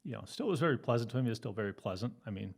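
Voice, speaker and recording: A man's voice: mid-range voice, animated, racing, creaky. A middle-aged man, a retired police officer, telling his story in an easygoing interview with fillers and frequent laughs.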